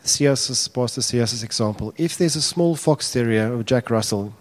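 A man preaching a sermon as a pastor, animated and acting out quotes with a raised voice. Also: medium pitch, moderate pace.

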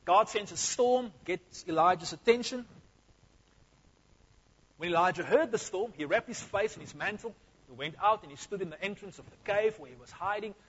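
This is a male preacher, delivering an energetic, conversational sermon. His voice sits high for a man and has a husky edge. The recording is slightly dull and muffled. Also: quick pace. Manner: energetic, conversational, addresses the congregation directly.

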